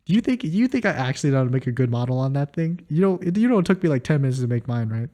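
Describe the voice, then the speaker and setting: A man's voice: medium pitch, big pitch swings, racing, mellow. A young man co-hosting a podcast, chatting casually in a rambling, laid-back way that trails off. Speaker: podcast co-host. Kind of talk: casual chat.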